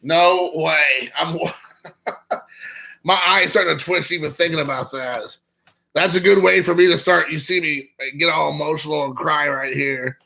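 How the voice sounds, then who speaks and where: A man's voice: fairly high pitch, steady tone, measured pace, creaky, bright, forceful tone. A man, hosting a rambling, joking live stream and chatting with viewers. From Kentucky. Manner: rambling, joking, reading chat aloud.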